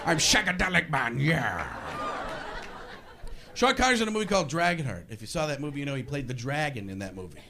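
A man doing a stand-up comedy set, animated and bouncing between asides and impressions. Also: medium pitch, very fast, hardly any pauses. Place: comedy stage before a live audience. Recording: live club recording with crowd and hiss.

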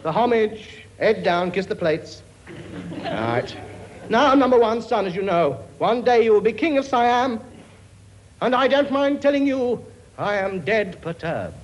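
A man's voice: high voice, sing-song, measured pace, slight background noise. A man playing a blustering, brash king in a comedy sketch. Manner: blustering, brash, mock-regal. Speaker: comic actor playing a king. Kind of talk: comedy sketch with studio audience.

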